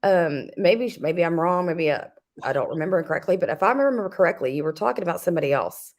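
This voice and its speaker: A woman's voice: fairly low pitch, lively intonation, fast talker, darkish tone. A woman co-hosting a casual commentary chat, snarky and conversational, with lots of fillers. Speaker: co-host.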